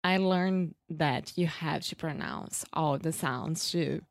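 A woman's voice: low-pitched, slow pace, creaky, dry recording, studio quality. A woman, a learner in a casual lesson, giggling and carefully repeating words. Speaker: English learner.

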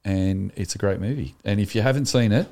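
A man co-hosting a relaxed podcast conversation. His voice sits very low and sounds mellow and warm, and he talks with eager enthusiasm. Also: fairly quick, creaky. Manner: enthusiastic, animated storytelling. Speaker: podcast co-host. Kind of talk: casual chat.

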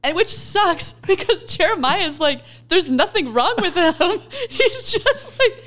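A woman co-hosting a podcast in casual chat, bubbly and animated, laughing often as she talks. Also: extremely high pitch, a little slow. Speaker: podcast co-host.

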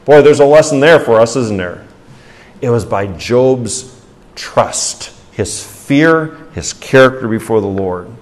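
A male pastor preaching a sermon with emphasis, rising for stress, dropping low at the ends of phrases and asking the congregation rhetorical questions. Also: expressive, slow.

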